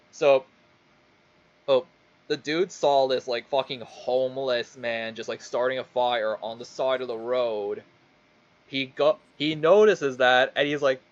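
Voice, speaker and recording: A man's voice: mid-range voice, dull audio. A man casually telling a rambling, stumbling story, swearing often as he goes. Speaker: streamer.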